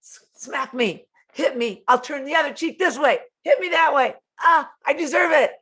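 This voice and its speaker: Woman doing a self-loathing doormat, high, pleading, whiny. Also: normal speed, a bit bright.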